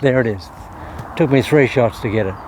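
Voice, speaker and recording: Speaking at a moderate pace in a mid-range voice, a male golf vlogger addresses the camera at an outdoor practice area. He chats casually and coaches himself between shots, with faint outdoor noise in the background.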